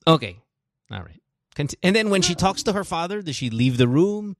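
A man's voice: high-pitched, very animated, brisk, no room sound. A man hosting a casual podcast chat, teasing and pressing with questions as he mixes English and Tagalog. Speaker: podcast host.

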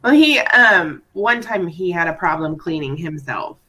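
A woman's voice: on the low side, expressive, sharp tone. A woman with a cold, joking and swearing as she tells a story in casual chat. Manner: quick reactions, swearing, joking. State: has a cold.

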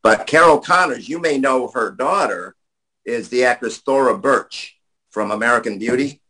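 A man's voice: medium pitch, normal speed, sharp tone, low-quality recording. A man chatting casually, rambling through memories with restarts and laughter. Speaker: guest. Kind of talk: casual chat.

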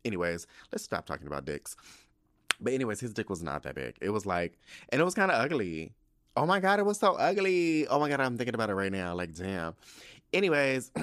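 A young man hosting a podcast, telling candid stories in an animated, gossipy way. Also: dry recording, studio quality. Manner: animated, gossipy, swings into high mocking voices. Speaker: podcast host. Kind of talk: candid solo podcast storytelling.

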